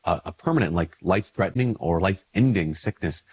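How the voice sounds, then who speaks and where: A man, a priest, talking casually to camera while congested with a cold. He slips into quick little dialogues where his voice lifts. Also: animated, a little mellow, husky. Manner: conversational, acts out little dialogues with lifted pitch. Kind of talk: casual spoken reflection to camera.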